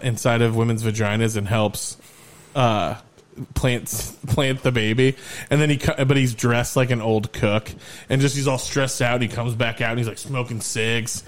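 A man hosting a podcast, telling stories in a lively, casual way and swearing freely. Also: mid-range voice. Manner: animated storyteller, swears freely. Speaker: podcast host.

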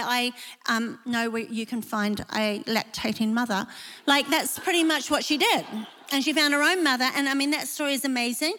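Bright, high-voiced woman preaching in a hall. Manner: lively, emphatic, reads scripture aloud. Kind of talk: sermon.

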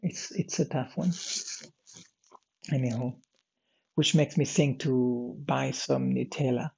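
A vlogger records a daily audio diary, talking slowly through his day in a meandering way, full of fillers and restarts and drifting off topic as he yawns. His medium-pitched voice is creaky, slightly rough and a little mellow, with fairly even intonation, and the highs are cut off.

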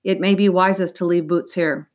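A woman's voice: on the low side, fairly even intonation, moderate pace, natural voice. A woman doing a grave old council elder. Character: older man leading a council, formal and grave.

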